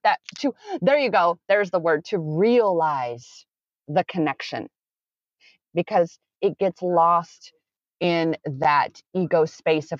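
A woman's voice: deep voice, a little slow, dry recording. Meandering woman coach, dull recording. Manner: meandering, self-correcting, earnest. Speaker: coach with clients. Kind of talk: conversational interview. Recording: dull lo-fi sound.

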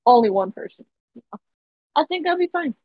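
A young woman co-hosting a casual podcast, halting and giggly, often trailing off. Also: sits high, big pitch swings, no room sound. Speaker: podcast co-host. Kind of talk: casual chat. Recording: dull lo-fi home mic.

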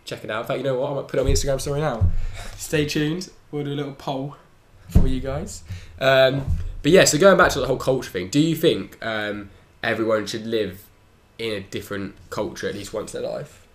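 A young man from England hosting a casual podcast chat, slangy and quick to laugh. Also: medium pitch. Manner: chatty, slangy, laughs often. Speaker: podcast host. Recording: echoey room with faint ambient noise.

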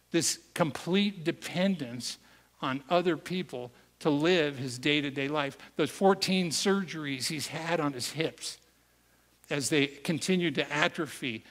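A man telling a story in a sermon, earnest and conversational, slowing down for emphasis, heard in an echoey hall. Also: a little high, a bit bright. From United States. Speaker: preacher.

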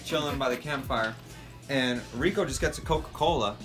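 A man's voice: mid-range voice, fairly quick, soft background music. A young man telling a rowdy trip story among friends, swearing a lot and acting out what people said. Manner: animated, profane, acts out quotes.

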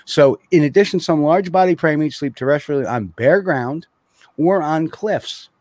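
A man's voice: fairly high pitch, normal speed, a little mellow, dry recording. A man hosting a podcast, chatting casually with many restarts and fillers before reading out notes. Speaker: podcast host. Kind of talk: casual chat.

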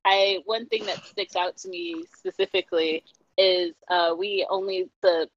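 Animated, profane young woman. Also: on the low side, unhurried, dry recording. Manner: animated, profane, heavy use of "like", laughs often. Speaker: guest telling personal stories. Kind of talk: casual chat. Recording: dry, slightly muffled lo-fi recording.

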